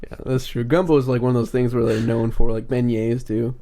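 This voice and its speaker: A man's voice: mid-range voice, little pitch movement, brisk, mellow. A man co-hosting a podcast in casual chat, playful and self-deprecating, often laughing. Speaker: podcast co-host.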